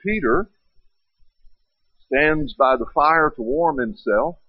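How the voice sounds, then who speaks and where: Brief: male pastor, fairly high voice, storytelling sermon with rhetorical questions, dry dull recording. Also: takes it slowly, no echo. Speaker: preacher.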